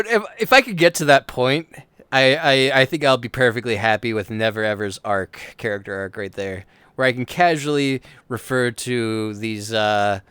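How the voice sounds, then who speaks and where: A man's voice: medium pitch, a bit bright, clear, resonant tone, no room sound. A man chatting casually as his roleplay character, rambling with frequent laughs and playful voiced asides.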